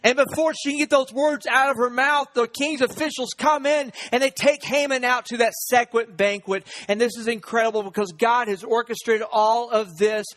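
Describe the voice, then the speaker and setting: A man's voice: very high-pitched, a bit bright. A man preaching a sermon, retelling a story and acting out the characters' lines. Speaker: pastor.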